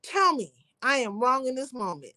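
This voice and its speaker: A woman's voice: sits high, big pitch swings, moderate pace, pushed and bright, dry recording. A woman hosting a livestream, talking to her viewers in an emphatic, profane, preachy way. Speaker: livestream host. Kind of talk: impassioned livestream rant.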